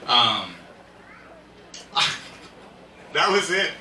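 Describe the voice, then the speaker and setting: A man's voice: a little high, big pitch swings, extremely slow, bright, forceful tone. A man doing a stand-up comedy set, rambling and laughing at his own jokes, recorded live at an indoor show. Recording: echoey room, distant mic, faint hiss.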